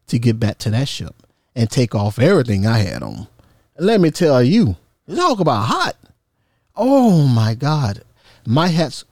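A man recounts a funny episode from his own life, casual and lively, acting out the voices of the people he quotes. His pitch leaps around while his tone stays mellow and dark. The room is dry and echo-free.

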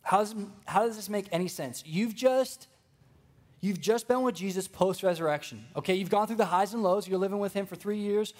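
A young man preaching a sermon, telling stories with lively energy and speaking straight to the congregation. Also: high voice, normal speed. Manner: storytelling, animated, addresses congregation directly.

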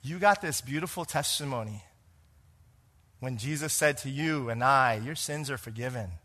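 Expressive man preaching a sermon. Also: medium pitch, moderate pace. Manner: expressive, shifts between hushed and emphatic delivery, asks the congregation questions. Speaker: pastor.

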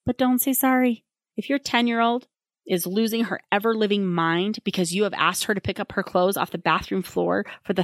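A woman's voice: mid-range voice, dry recording, studio quality. A woman child therapist talking casually to parents, chatty and acting out the lines she quotes. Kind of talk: casual advice monologue.

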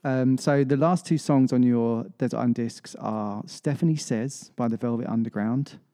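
A man hosting a radio show and chatting casually with his guest, quick with interjections. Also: mid-range voice, mellow.

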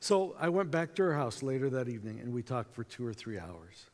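A man in his sixties from North Dakota, telling a personal story to a conference audience with animated delivery and acted-out dialogue. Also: mid-range voice, brisk. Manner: animated, acts out quoted dialogue. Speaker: conference speaker. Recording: long hall reverb.

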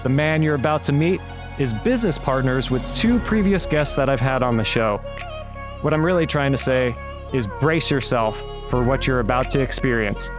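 A man's voice: medium pitch, expressive, moderate pace, over music. A man hosting an interview podcast, upbeat and playful, hyping up his guest. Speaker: podcast host. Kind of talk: scripted intro, then casual interview.

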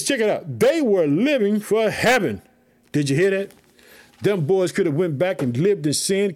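A male preacher with a voice pitched high for a man delivers a fervent sermon. He speaks as if straight to his listeners, calling them family. He reads scripture at a slower, measured pace before picking up again. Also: a little mellow. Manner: fervent, repeats "family" and "let me tell you something"; reads scripture slowly, then preaches in bursts. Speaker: preacher and podcast host.

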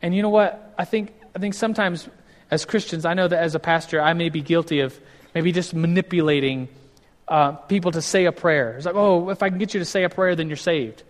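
Male pastor, casual teaching sermon, fairly high voice, long hall reverb. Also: fairly quick. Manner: conversational, with many restarts and acted-out quotes.

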